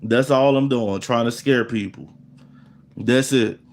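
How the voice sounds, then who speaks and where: A man's voice: mid-range voice, measured pace, slight background noise. A middle-aged man with an African American Vernacular English accent, hosting his channel and ranting at viewers in a boastful, threatening, repetitive monologue. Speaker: channel host.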